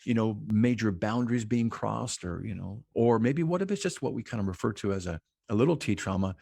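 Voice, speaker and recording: A man's voice: fairly low pitch, animated, fairly quick, vocal fry, mellow, no echo, studio quality. A man on a mental health podcast, explaining concepts at length in conversation and often posing rhetorical questions.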